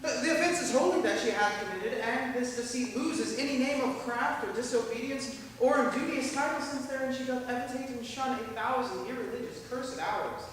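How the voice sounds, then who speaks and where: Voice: medium pitch, brisk, hardly any pauses, a little hiss or hum, close to an everyday voice. An actor playing an earnest young male lover, pleading his case. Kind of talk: stage acting. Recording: echoey theatre from far off.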